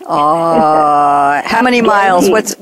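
A woman's voice: sits low, animated, slow pace, crowd noise. Talk show host, woman, effusive and emotional. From New York. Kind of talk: radio talk show hosting.

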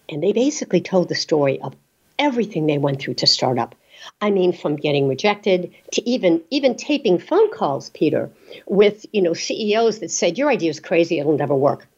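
A woman with a fairly low, darkish, slightly rough voice hosts a podcast interview, chatting and telling stories to make her points. The sound is dull and lo-fi.

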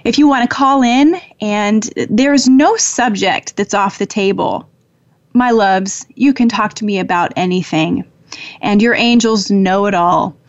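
A woman hosts a spiritual call-in talk show, speaking to listeners with gentle affection and easy pauses. Her voice sits in a middle range. The recording is dry and a little muffled. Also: mid-range voice, no echo. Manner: warm, affectionate, laughs often, pauses with fillers. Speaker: host, angel communicator.

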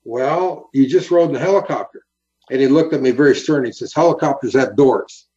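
Speaking a little fast, an ex-highway patrolman shares a story in an interview, animated and sincere, performing each quote. The audio is dull.

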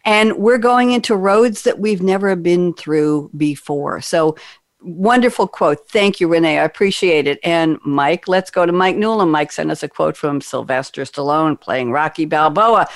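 A chatty panel host moderating a business webinar, leaping up in pitch for emphasis. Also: dry recording, studio quality.

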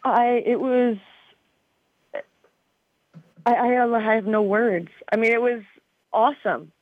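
A woman guest talks in a bubbly, rambling way, full of fillers and restarts. Her voice sits in a middle pitch. The sound is thin and phone-like, with no room at all. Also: dry recording. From Arizona, USA. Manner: bubbly and chatty, with frequent fillers. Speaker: guest, TV show star. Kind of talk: casual interview chat. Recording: tinny phone line, dry.

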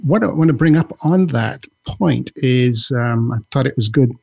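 Gravelly, husky man rambling in podcast chat. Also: medium pitch, lively intonation, normal speed, dark tone, dull audio. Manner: rambling, self-interrupting, joking. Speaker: podcast co-host.

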